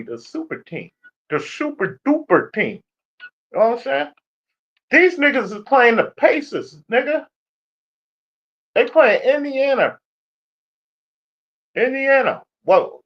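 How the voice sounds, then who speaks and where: A young man ranting about basketball in a casual stream, profane and trash-talking. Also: very high voice. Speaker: sports streamer. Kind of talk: casual sports rant. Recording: dull lo-fi stream audio.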